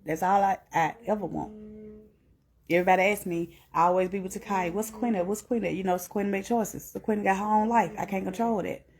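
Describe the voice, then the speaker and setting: A middle-aged woman giving an earnest spoken testimony, repeating herself and climbing to high emphatic peaks. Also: fairly even intonation, brisk, a little mellow.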